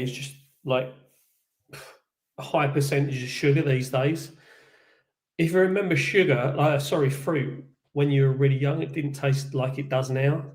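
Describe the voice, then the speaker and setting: A man with a plain middle-pitched voice, chatting casually with friends. He tells stories in a dry, understated way. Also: darkish tone. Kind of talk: casual group chat.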